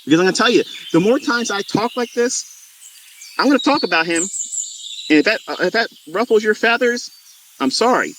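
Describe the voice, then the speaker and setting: A man's voice: high-pitched, big pitch swings, moderate pace, long pauses, a bit bright, a little hiss or hum. A middle-aged man who teaches trading, speaking to his viewers in a fervent, preachy monologue with emphatic repetition. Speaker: trading educator.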